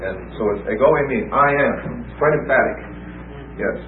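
A man's voice: mid-range voice, a little fast. A man teaching a Bible class, explaining texts with emphasis and taking questions from students. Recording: tinny lo-fi recording with hiss.

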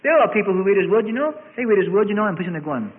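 A man preaching a sermon, building to emphatic peaks and dropping to soft, conversational asides. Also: high voice, sing-song, very fast. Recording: tinny phone-like recording.

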